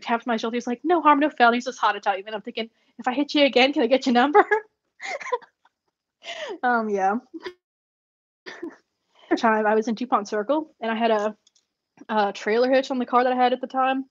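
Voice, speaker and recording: A woman vlogger with a slightly high voice tells rambling stories in a casual chat while journaling, often laughing between fillers. The recording is dull, dry and lo-fi, with no room sound.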